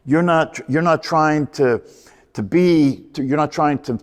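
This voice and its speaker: A man's voice: fairly high pitch, measured pace. Man teaching meditation in a reverberant hall. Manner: repetitive, emphatic, asks rhetorical questions.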